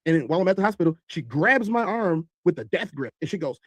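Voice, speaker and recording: A man telling a long story in animated style, acting out other people's voices. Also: high-pitched, fast talker, no echo. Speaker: podcast host telling a story.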